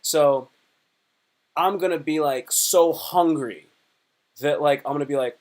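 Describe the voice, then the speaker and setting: A man's voice: fairly high pitch, measured pace, pauses often. A man doing a casual comedy live stream, talking in a rambling, crude, joking way.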